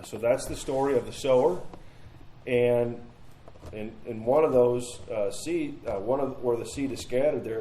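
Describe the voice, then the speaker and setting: This midweek Bible study comes from a church room, the rough recording roomy with slight hiss or hum. The teacher's voice is mellow and mid-range; he speaks earnestly and conversationally, asks rhetorical questions, and repeats his phrases.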